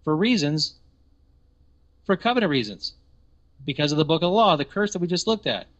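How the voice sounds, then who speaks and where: A man's voice: a little high, lively intonation, a little fast, lo-fi sound. Man preaching with rhetorical questions. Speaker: teacher. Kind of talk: sermon-style teaching.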